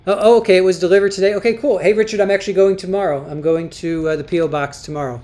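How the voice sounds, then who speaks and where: A woman's voice: on the low side, fairly even intonation, rapid-fire, mellow. A woman hosting a casual livestream, chatting as she reads viewer comments aloud, often repeating and restarting her words. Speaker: livestream host.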